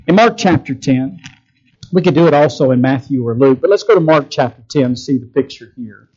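A man's voice: medium pitch, animated, fairly quick, darkish tone, breathy edge, lo-fi sound. A man preaching a sermon, asking his listeners rhetorical questions and acting out the quotes he reads. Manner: emphatic, rhetorical questions to the audience, acts out quotes.

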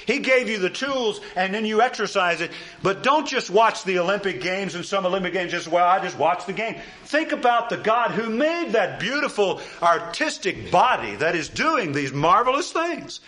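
Male pastor, sermon, emphatic, rhetorical questions, slightly high voice, bright tone. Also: normal speed. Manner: animated preaching, rhetorical questions, emphatic repetition.

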